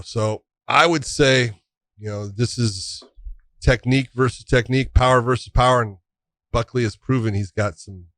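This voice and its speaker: Dude breaking down fights on a podcast, calm and measured, dry close mic. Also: male voice, on the low side, dry recording. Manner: thoughtful, measured breakdowns with fillers. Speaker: podcast co-host, fight analyst. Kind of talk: casual sports analysis.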